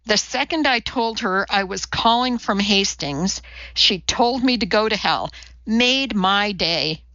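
A woman narrator voicing a blunt, brash female executive who talks briskly and bossily, recorded a little dull. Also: mid-range voice, sharp tone, no echo. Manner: brisk, profane, bossy.

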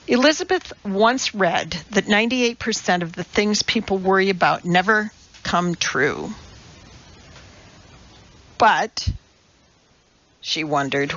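Woman audiobook narrator, measured and wry, slow, dull lo-fi recording. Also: mid-range voice, fairly bright tone. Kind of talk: scripted narration.

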